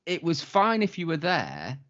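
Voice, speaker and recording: A man's voice: a little high, huge pitch swings, a little slow, a bit bright. A man chatting casually on a podcast as a co-host, wry and laid-back, with some swearing. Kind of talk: casual chat. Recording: dull lo-fi sound.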